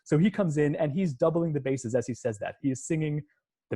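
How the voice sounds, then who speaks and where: On a video call, captured by a computer mic, a music professor lectures online with a mellow, fairly high voice at a fairly quick pace. He goes through scenes step by step, occasionally humming the musical lines.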